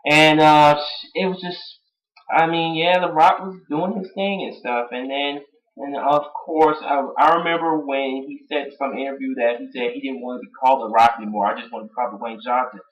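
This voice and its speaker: A young man from Atlanta giving excited, casual fan commentary, often laughing as he retells moments. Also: a little high, moderate pace, dull audio. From Atlanta, United States. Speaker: wrestling fan vlogger.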